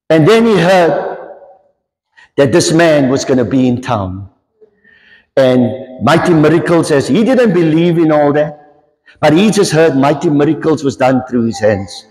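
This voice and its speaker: Preacher in a reverberant hall. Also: male voice, fairly high pitch, a little slow. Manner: animated storytelling with repeated emphatic lines. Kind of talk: storytelling sermon.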